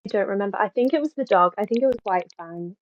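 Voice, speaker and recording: A woman's voice: mid-range voice, fast, lo-fi sound. A woman co-hosting a podcast, casually and hesitantly recalling a film's plot. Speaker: podcast co-host. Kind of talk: casual film discussion.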